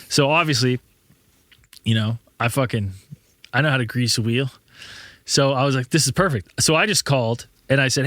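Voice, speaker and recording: A man's voice: on the high side, moderate pace, bright, forceful tone, dry recording. A man in his thirties, a podcast host, telling rambling stories in casual chat, swearing often and laughing a lot.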